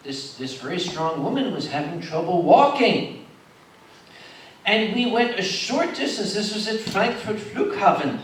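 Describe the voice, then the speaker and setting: A man's voice: high voice, measured pace, a little hiss or hum. A man telling dramatic stories on a convention panel, playing up each moment. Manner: dramatic, animated storyteller. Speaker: convention organizer. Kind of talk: storytelling on a panel. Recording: echoey hall from far off.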